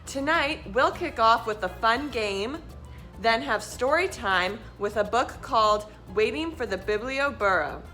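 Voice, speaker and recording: A woman hosting a children's storytime, reading a picture book aloud in a gentle, carefully enunciated way. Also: fairly high pitch.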